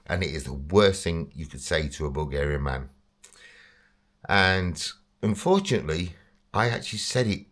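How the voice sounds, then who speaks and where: An English man telling a casual, rambling story about himself, chatty and self-deprecating, often breaking into laughter. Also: low voice. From England. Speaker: vlogger.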